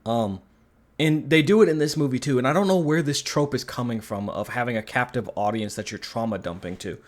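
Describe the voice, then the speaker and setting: A man's voice: medium pitch, fairly quick. A man giving a casual spoken film review, rambling and sarcastic, swearing casually. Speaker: movie reviewer.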